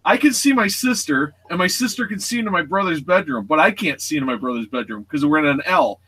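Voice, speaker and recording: A man in his forties, hosting a casual chat show and telling a lively story in which he acts out voices and sounds. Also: on the high side, fast, breathy edge. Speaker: show host.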